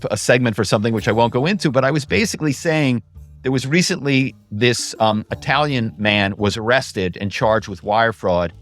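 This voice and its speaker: A man, a former actor, telling stories as a podcast guest in an animated, chatty way, often saying "you know". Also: mid-range voice. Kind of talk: casual interview talk.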